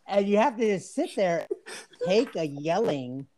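Mid-pitched man with a mellow voice, halting chat. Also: big pitch swings, slight background noise. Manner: halting, filler-heavy. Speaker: podcast co-host. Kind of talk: casual chat.

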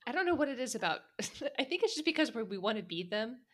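Lively playful young woman co-host. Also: fairly high pitch, quick pace. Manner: playful, laughs a lot, jokes along. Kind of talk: casual chat.

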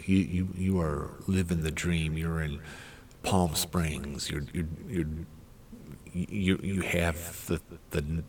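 A man's voice: low-pitched, creaky, a little hiss or hum. A middle-aged man hosting a podcast, rambling through casual solo commentary with irreverent, crude asides. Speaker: podcast host.

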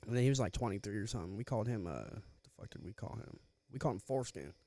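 A man's voice: lowish voice, lively intonation, racing, dark tone, no room sound. A young man telling a rambling, profane story in casual chat, slangy and loose. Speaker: podcast co-host.

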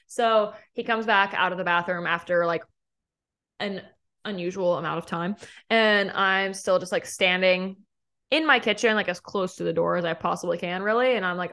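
A woman's voice: medium pitch, moderate pace, pushed and bright. A young woman in her twenties hosting a podcast, telling a dating story in a chatty way, laughing often and saying "like" a lot. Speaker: podcast host. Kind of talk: casual storytelling.

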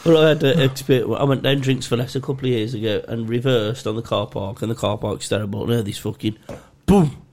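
A man's voice: medium pitch, quick pace, few pauses, a little mellow. A man in his thirties co-hosting a podcast, telling rambling anecdotes and laughing often. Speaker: podcast co-host. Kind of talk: casual chat.

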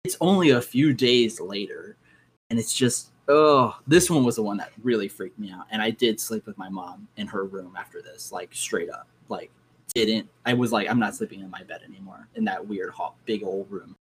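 Young man telling ghost stories, low voice. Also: normal speed, slightly rough, poor audio. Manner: animated storyteller, acts out his own reactions. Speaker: guest. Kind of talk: casual ghost story telling.

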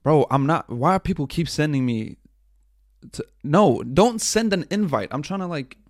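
A man's voice: fairly high pitch, lively intonation, moderate pace, no echo, studio quality. A young man hosting his own podcast over a livestream, talking casually, swearing and mocking himself. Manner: frustrated, profane, self-mocking. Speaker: podcast host.

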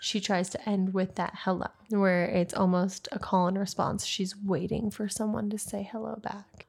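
A woman's voice: medium pitch, creaky, a little mellow. A young woman co-hosting a casual chat, blunt and teasing, swearing freely. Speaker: podcast co-host.

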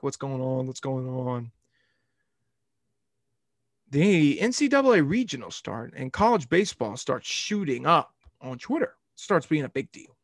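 A young man hosting a sports podcast, telling a rambling, animated story in casual talk. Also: medium pitch, no echo, studio quality.

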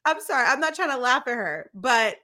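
A young woman co-hosting a podcast, recapping a TV show in animated, slangy, gossipy chat. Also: sits high, fairly quick. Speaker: podcast co-host. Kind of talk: casual chat.

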